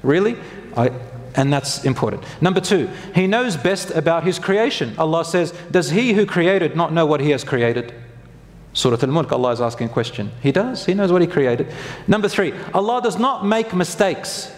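A man delivers a sermon, talking straight to the congregation with questions and light jokes. His voice sits a little high. The hall rings with a long reverb behind him. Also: very animated, moderate pace. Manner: asks the audience questions, jokes with them. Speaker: preacher.

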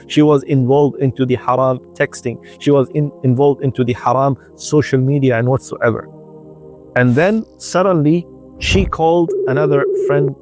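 A man giving an earnest radio sermon, telling a moral story in short, deliberate phrases with slightly non-native English. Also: fairly high pitch, a little mellow. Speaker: radio preacher.

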